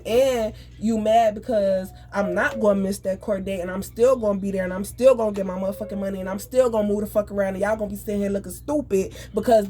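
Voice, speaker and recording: A woman venting in an angry, profane, rapid rant. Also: medium pitch, warm tone, slight background noise. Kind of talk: emotional venting monologue.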